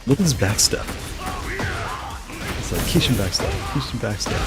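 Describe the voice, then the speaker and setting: A man giving excited live commentary on a fighting game he is playing, taunting his opponent and laughing. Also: on the low side, moderate pace, pauses often. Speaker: gaming streamer. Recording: music playing behind.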